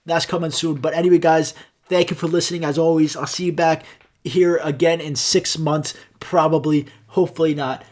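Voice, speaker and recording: A man's voice: a little high, steady tone, normal speed, a little mellow. A man hosting his own podcast alone, ranting and swearing as he rambles. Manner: profane, rambling rant. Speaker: podcast host. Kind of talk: solo podcast rant.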